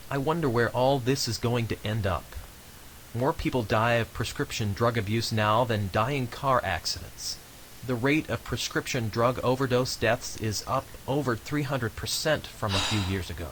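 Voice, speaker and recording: An actor voicing a calm male health official, giving measured, instructive advice in a scripted game voice-over. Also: mid-range voice, slight background noise, close to an everyday voice, rough recording.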